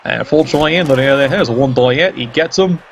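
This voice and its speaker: A man calls a tabletop-style game in casual play-by-play, teasing the players with dry, sardonic jabs and the odd swear. His voice sits at an ordinary middle pitch. Faint noise hums under the recording. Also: fast talker. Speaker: game commentator.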